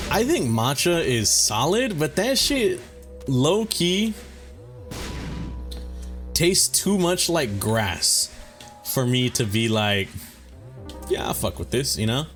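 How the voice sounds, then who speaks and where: A young man rants straight to his viewers, exasperated, swearing and slangy. His voice sits a little high and jumps around with lively ups and downs. Faint music plays underneath. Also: takes it slowly, pauses often. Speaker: vlogger. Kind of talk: casual ranting monologue.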